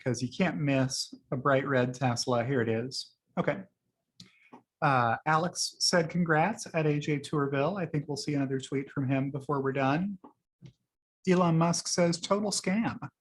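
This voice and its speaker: A man's voice: medium pitch, normal speed, breathy edge. A man casually talking through the tweets he liked that week, chatty and rambling, with frequent fillers. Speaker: host reviewing liked tweets. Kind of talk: casual screen-share commentary.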